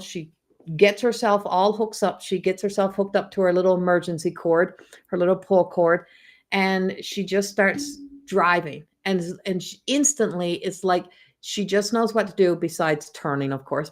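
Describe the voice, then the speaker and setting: A woman in her fifties, a psychic medium, talking gently and encouragingly on a live stream and laughing often. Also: mid-range voice. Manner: tells family anecdotes with mimicked voices. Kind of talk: live-stream spiritual talk.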